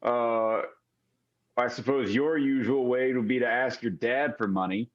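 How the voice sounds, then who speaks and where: A man's voice: mid-range voice, measured pace, muffled recording, voice pushed down, lightly acted. A man voicing a wary, streetwise orphan boy with a sarcastic drawl. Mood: cheeky.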